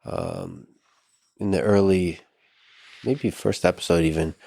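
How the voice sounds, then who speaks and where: A man hosting a podcast interview, asking thoughtful questions in a halting way, often repeating words. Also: low voice, wildly swooping pitch, vocal fry, darkish tone, slightly rough, no room sound, clean studio sound. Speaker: podcast host.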